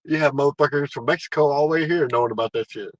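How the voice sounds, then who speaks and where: A man's voice: fairly high pitch, rapid-fire, no echo, poor audio. A man chatting casually on a livestream, laughing often and giving motivational talk.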